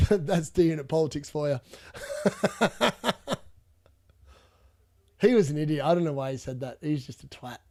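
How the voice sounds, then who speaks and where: A man's voice: fairly high pitch, slow, pauses often, darkish tone. An Australian man from Perth hosting a casual fantasy football live stream, chatting and rambling with viewers, blunt and laughing often. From Perth, Western Australia.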